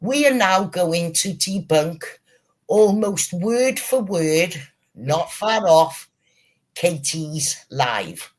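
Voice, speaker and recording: A man hosting a livestream, telling stories in a casual, animated way with plenty of swearing. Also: high-pitched, drawn-out words. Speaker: streamer host.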